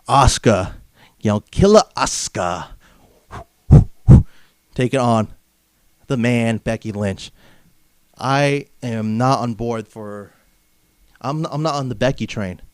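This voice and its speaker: A man's voice: medium pitch, slow pace, long pauses, clean tone, dry recording, clean studio sound. A man from Southern California hosting a comedic wrestling podcast, brash and mocking, padding his rants with filler phrases. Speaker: podcast host.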